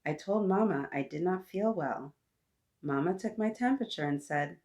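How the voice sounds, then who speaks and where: A woman reading a picture book aloud to children, adding gentle, sympathetic comments. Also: lowish voice, expressive, normal speed. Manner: gentle, sympathetic asides to young listeners. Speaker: children's story reader.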